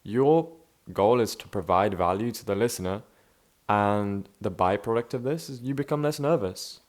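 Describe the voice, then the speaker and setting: A young man's slightly low voice carries a casual, unscripted vlog monologue at a moderate pace. Relaxed and thinking out loud about himself, he speaks loosely, restarts frequently, and leans on "bro" and "man."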